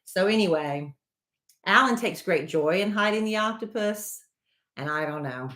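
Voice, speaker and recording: A woman's voice: mid-range voice, expressive, normal speed, a bit bright, roomy sound. A woman co-hosting a podcast, talking in a dry, teasing way. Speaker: podcast co-host. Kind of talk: casual podcast banter.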